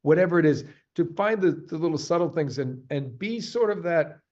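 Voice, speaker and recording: Animated man, slightly muffled lo-fi audio. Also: fairly high pitch. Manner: animated, halting, jumps to quick voice demos. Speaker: voice actor guest. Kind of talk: casual interview chat.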